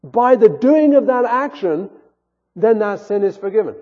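Through a thin, phone-like recording soaked in long hall reverb, a male pastor preaches earnestly with swelling and dipping emphasis. He speaks at a measured pace in a high, expressive voice with a dark tone.

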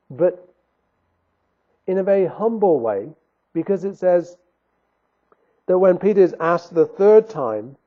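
A man with a high, husky voice delivers an earnest sermon, leaning on his key phrases and repeating them for emphasis. The sound is thin and tinny, as if it came through a phone line. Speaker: preacher.

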